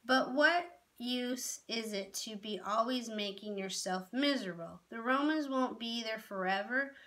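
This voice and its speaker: Storybook young girl, read by a woman: earnest, hopeful, a touch pouty; bright, high and slow. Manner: earnest, protesting.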